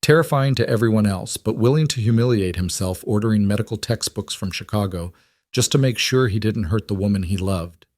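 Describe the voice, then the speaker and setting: A man narrating a story in a steady, measured reading. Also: lowish voice, dry recording, clean studio sound.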